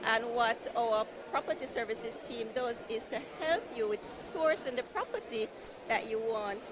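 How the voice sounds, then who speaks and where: A woman representing a building society at a conference marketplace booth, pitching savings and mortgages in an upbeat, persuasive way. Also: measured pace. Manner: upbeat, persuasive, repeats easy and convenient. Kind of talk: sales pitch at an expo booth. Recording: noisy conference floor.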